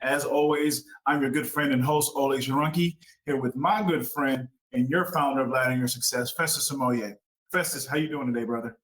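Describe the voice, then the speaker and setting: A man's voice: medium pitch, steady tone, a little fast, fairly bright tone, poor audio. A man hosting an educational talk show, speaking upbeat to the listeners as folks. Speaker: podcast host.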